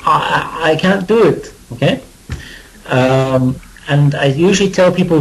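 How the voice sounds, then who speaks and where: A man's voice: fairly high pitch, measured pace, low-quality recording. A man with a British accent teaching a pronunciation lesson, modeling words for students to repeat and adding chatty, joking asides. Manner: demonstrative, leads students through word repetition. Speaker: English teacher.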